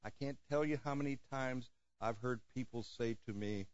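A man preaching a sermon in a gentle manner, dropping softly at moments and chuckling now and then. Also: mid-range voice, normal speed, no room sound, highs cut off. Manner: gentle, lively preaching with soft drops and chuckles. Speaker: pastor.

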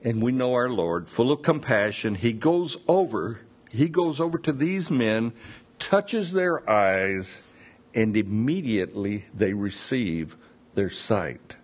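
Slow, lively-voiced male preacher. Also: mid-range voice, husky. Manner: unhurried, expressive preaching with asides. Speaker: pastor. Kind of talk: sermon with scripture reading.

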